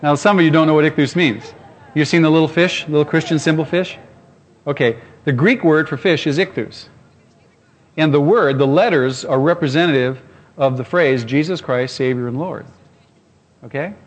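A man with a fairly high voice preaches a storytelling sermon. He tells a personal tale with humor and turns often to speak straight to his listeners. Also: normal speed.

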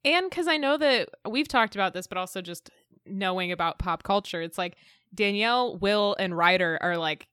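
A woman co-hosting a podcast, talking in a lively, up-and-down way, full of fillers and quick laughs. The sound is dry and close, with no room around her. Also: medium pitch, clean tone, no room sound. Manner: animated, many likes, laughs often. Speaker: podcast co-host. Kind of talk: casual chat.

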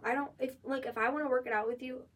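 A woman's voice: high-pitched, fairly even intonation, fast talker, fairly bright tone, husky. A young woman co-hosting a podcast in casual chat, blunt and swearing freely with lots of fillers. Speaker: podcast co-host. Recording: distant mic, faint background noise.

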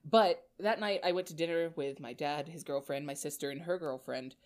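A young woman with a somewhat low voice chats casually as a podcast co-host. She tells stories with a loose, rambling rhythm and stumbles over her words when she reaches the nervous parts. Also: moderate pace. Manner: storytelling, stammers when retelling nervous moments. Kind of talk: casual chat.

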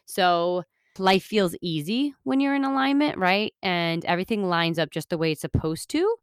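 A woman's voice: lowish voice, lively intonation, normal speed, smooth, no room sound, clean studio sound. A woman hosting a self-help podcast, talking in an earnest, rambling, motivational way with lots of fillers. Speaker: podcast host.

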